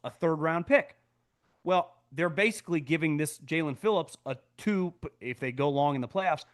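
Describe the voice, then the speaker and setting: A slightly high-voiced man hosts a live reaction show in an easygoing, casual way. He is opinionated and talks straight through, and he acts out quoted people with sudden jumps in pitch. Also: a bit bright. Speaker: podcast host, former NFL scout.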